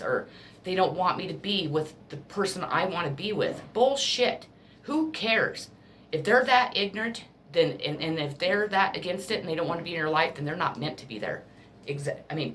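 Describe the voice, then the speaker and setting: A woman's voice: deep voice, fairly bright tone, slight background noise. A woman reading tarot cards in a casual spiritual pep talk, earnest and emotional, blunt and ready to swear. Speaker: tarot card reader.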